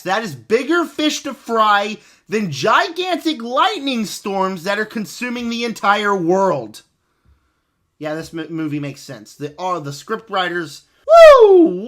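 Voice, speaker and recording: A man reviewing a film in a casual spoken rant, sarcastic and mocking, swinging between animated exasperation and flat disbelief. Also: high-pitched.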